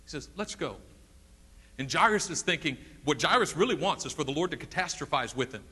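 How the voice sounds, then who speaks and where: A man preaching a sermon, animated and dramatic, acting out the voices of people in the story he tells. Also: a little high, fast, breathy edge, long reverb tail.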